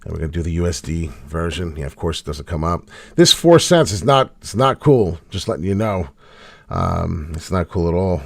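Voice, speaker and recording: A man's voice: sing-song, normal speed, vocal fry, no room sound. Blunt, hyped-up male stream host. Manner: blunt, swears, swings from loud hype to low mutters. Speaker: crypto chart host. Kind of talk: casual livestream chart commentary.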